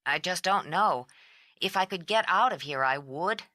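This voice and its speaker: A sleepless, strung-out woman, voiced by a female narrator, speaks low with a tight, edgy tone. She is blunt and clipped, worn down but still sharp. The audiobook sound is dry and close. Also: lively intonation, moderate pace, no room sound. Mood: weary. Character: exhausted sharp-tongued woman on the phone.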